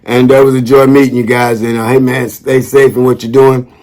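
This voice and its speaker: Easygoing guy vlogging, upbeat, rambles, keeps saying man, mid pitch. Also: flat delivery, brisk, a little mellow. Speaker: vlogger shouting out veterans. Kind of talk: casual talk to camera.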